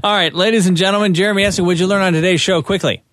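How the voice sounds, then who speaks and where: A man's voice: high-pitched, fairly even intonation, racing, fairly bright tone, a little hiss or hum. A man hosting a radio show, telling stories and keeping the banter going. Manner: upbeat, storytelling.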